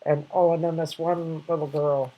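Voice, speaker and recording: A woman's voice: low-pitched, little pitch movement, normal speed, phone-quality sound. An older woman casually sharing reflective anecdotes, rambling with many restarts and fillers.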